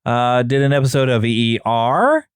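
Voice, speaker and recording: A man's voice: medium pitch, animated, a little slow, clean tone, dry recording. A man hosting a podcast, talking casually and reading from notes, with frequent "uh" fillers. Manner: chatty, reads notes aloud with many fillers. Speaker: podcast host. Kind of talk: casual solo podcast talk.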